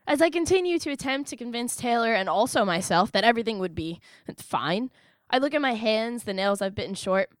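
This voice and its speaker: A young American woman tells her own story as a spoken personal essay, wry and emphatic, her fairly high voice leaping up on punchlines. The sound is close and dry, with no room around it. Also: expressive, normal speed, no room sound. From United States. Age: young adult. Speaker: narrator.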